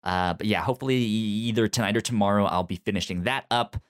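A man hosting a casual video game podcast, talking in halting bursts with many restarts and frequent laughs. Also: lowish voice, clean tone. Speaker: podcast host. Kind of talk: casual chat.

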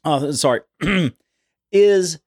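A man co-hosting a podcast, rambling on with many restarts and some throat-clearing. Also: on the high side, expressive, drawn-out words, darkish tone. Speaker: podcast co-host. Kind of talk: casual chat.

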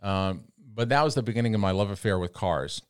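A middle-aged man from the Texas panhandle spins animated anecdotes and acts out the voices of other people as he talks. His voice sits low, and he often restarts a phrase. He is recorded close on a dry studio mic. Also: brisk, clean tone, no echo. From Amarillo, Texas area. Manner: animated anecdotes full of quoted dialogue, frequent restarts. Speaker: interview guest, radio broadcaster. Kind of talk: casual storytelling.

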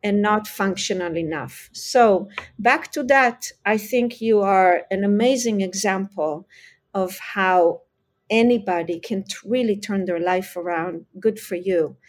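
A woman speaking as a parenting expert guest in an interview, explaining her ideas in an earnest, expressive way. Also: mid-range voice, unhurried. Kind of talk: conversational interview.

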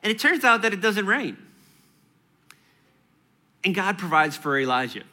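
A man's voice: high voice, sing-song, moderate pace, pushed and bright. A man in his thirties preaching a sermon in a church, conversational and playful, with chatty asides. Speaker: pastor.

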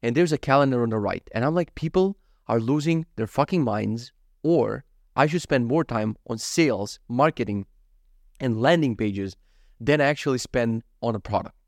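Swearing, animated man telling his day. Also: medium pitch, moderate pace, no room sound, studio quality. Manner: animated storytelling, frequent swearing, acts out his own thoughts. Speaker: vlogger. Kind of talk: casual daily vlog monologue.

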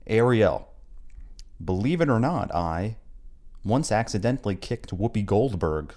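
A man co-hosting a podcast in casual chat, joking and breaking into animated rants. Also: fairly low pitch, a little slow. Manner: jokey, animated outbursts, swearing. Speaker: podcast co-host.

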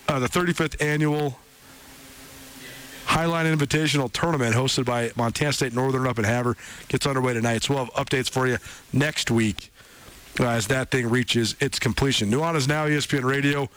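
A man's voice: mid-range voice, moderate pace, a bit bright, rough recording. A man hosting a sports radio show, talking loosely with fillers and restarts.

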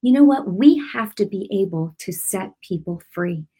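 Animated woman minister telling a story. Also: mid-range voice, moderate pace, breathy edge. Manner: animated and emphatic, laughs often while telling. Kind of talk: storytelling sermon for a broadcast.

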